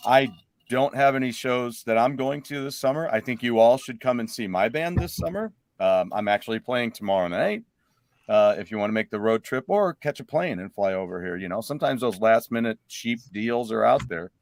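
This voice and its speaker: A man hosting a casual live show, joking around and laughing loudly with his guests. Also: medium pitch, expressive, moderate pace. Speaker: host.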